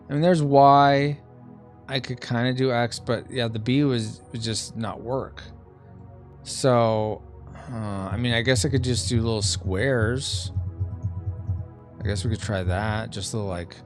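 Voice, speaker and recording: A man hosting a casual art live stream, thinking out loud as he works, reading chat messages and making playful sound effects. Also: mid-range voice, animated, measured pace, faint music behind. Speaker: streamer and podcast host.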